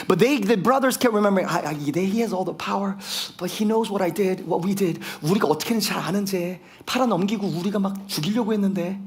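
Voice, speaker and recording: A man preaching a sermon as pastor, switching between English and Korean and growing fired up, rising to shouts for emphasis. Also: high-pitched. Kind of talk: bilingual sermon.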